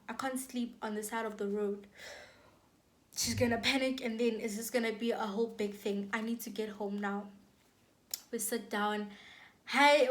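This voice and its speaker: A young South African woman telling a dramatic storytime on her vlog, with lots of repetition and acted-out quotes. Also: on the high side. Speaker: YouTuber.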